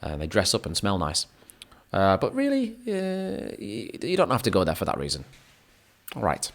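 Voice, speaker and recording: A man talks casually to his viewers like a relaxed teacher. His voice sits low and deep, and he rambles, corrects himself mid-thought and slips in dry little jokes. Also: normal speed. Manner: rambling, self-correcting, joking asides to the viewer. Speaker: English teacher. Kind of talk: casual chat.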